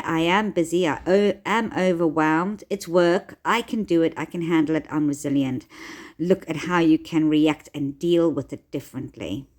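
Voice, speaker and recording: A woman giving conversational self-help advice, gently encouraging, with frequent filler words. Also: on the low side.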